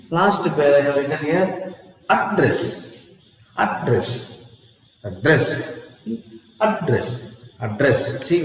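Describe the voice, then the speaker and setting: Male teacher, slightly high voice, repeats words to drill them, roomy echo from afar. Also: far from the mic. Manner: repetitive, drills words aloud, frequent "see?" checks. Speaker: English teacher. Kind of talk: classroom lesson on word stress.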